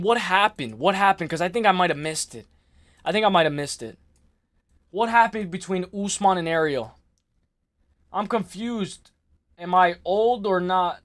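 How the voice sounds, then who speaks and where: Excitable high-voiced young man rambling. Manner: excitable, rambling, repeats himself, says "like" and "bro" a lot. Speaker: livestream host. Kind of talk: casual livestream chat.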